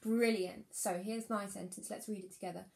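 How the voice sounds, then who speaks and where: A woman teaching a phonics lesson to young children, encouraging them and sounding out words slowly. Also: mid-range voice, fairly even intonation, creaky, roomy sound. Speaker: primary school teacher.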